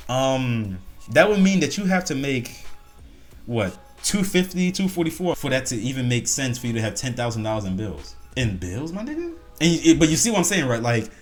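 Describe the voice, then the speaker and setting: A man hosting a casual reaction video, talking bluntly and at length and swearing often. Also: medium pitch.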